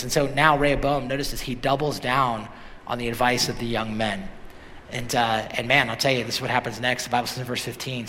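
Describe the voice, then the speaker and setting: A man preaching a sermon as pastor, animated and building to emphatic questions. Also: medium pitch. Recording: long hall reverb.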